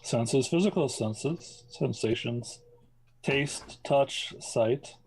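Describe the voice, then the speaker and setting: A man's voice: mid-range voice, very slow, darkish tone, husky, rough recording. Man, game master, tabletop session, wry asides, playful.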